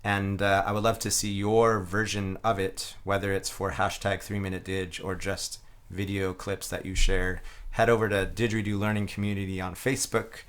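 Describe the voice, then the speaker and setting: A man teaching a didgeridoo rhythm, calmly explaining and chanting the rhythm syllables aloud. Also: low-pitched, moderate pace. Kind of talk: explaining a playing technique.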